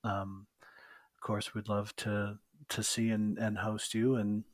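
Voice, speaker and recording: A man's voice: on the low side, completely flat delivery, slow pace, dry recording. A man hosting a podcast interview, talking hesitantly with many fillers. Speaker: podcast host. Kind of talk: casual conversational interview.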